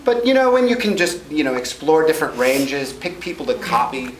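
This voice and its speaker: A middle-aged man with a raspy, worn-out voice, a voice actor talking casually to a convention panel and joking with the audience. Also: fairly high pitch, fairly quick. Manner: animated, jokey, slips into funny voices and laughs. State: hoarse, voice worn from recording sessions. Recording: echoey room, from far off, noisy.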